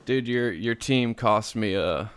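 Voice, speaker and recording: A man's voice: on the low side, slow, clear, resonant tone. A man co-hosting a podcast in casual banter, joking and ribbing the others. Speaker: podcast co-host.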